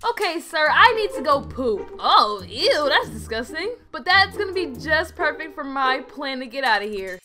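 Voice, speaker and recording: A woman's voice: sits high, sing-song, moderate pace, few pauses. A woman narrating her roleplay game with indignant, dramatic reactions, talking to viewers, over game music. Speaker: gaming video narrator.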